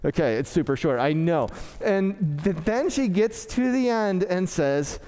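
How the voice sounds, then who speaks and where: High-voiced man preaching in a reverberant hall. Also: sing-song, measured pace, darkish tone, smooth. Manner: frequent stammering restarts. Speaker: pastor. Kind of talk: sermon with personal storytelling. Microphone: clip-on mic.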